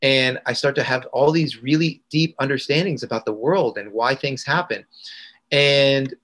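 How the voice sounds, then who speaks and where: Man guest, earnest storyteller, halting, mid-pitched voice. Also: a bit bright, rough recording. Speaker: podcast guest. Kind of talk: storytelling in a conversation.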